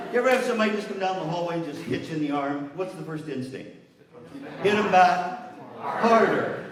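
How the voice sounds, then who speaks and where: Energetic male workshop presenter, slightly high voice, distant mic, very echoey hall. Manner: energetic, coaching participants through a partner exercise. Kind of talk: interactive workshop with audience exercise. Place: large hall with an audience. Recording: far-off echoey hall with room noise.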